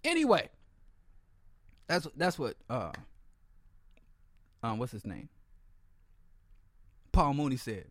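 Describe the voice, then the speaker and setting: A man's voice: medium pitch, wildly swooping pitch, takes it slowly, long pauses, no echo, clean studio sound. A man hosting a podcast, delivering a blunt, sardonic political commentary monologue and often stumbling and repeating words. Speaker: podcast host.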